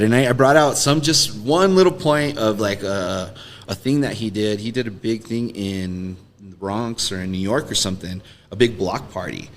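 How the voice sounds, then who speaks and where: A man, hosting a podcast in casual chat, animated and swearing, mimicking people in high voices. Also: normal speed, a little hiss or hum. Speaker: podcast host, former radio host.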